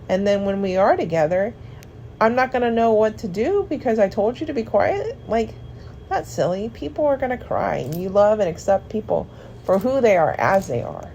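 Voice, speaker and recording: A woman's voice: mid-range voice, dark tone, dull audio, slight background noise. A woman podcast host talking earnestly and affectionately, as if in a voice message to her partner, with some rambling asides.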